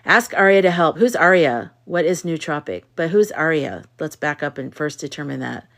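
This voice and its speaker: A woman's voice: low voice, expressive, moderate pace, a bit bright. A woman hosting a casual livestream, rambling chattily and reading viewer comments aloud. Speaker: livestream host. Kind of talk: casual live chat.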